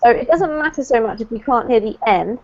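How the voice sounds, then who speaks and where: A British woman leads an online English lesson, correcting pronunciation slowly and kindly. Her voice sits a little high. The call audio sounds dull and lo-fi. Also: expressive, darkish tone. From United Kingdom. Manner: encouraging, explains slowly and clearly. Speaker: English teacher. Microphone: video call.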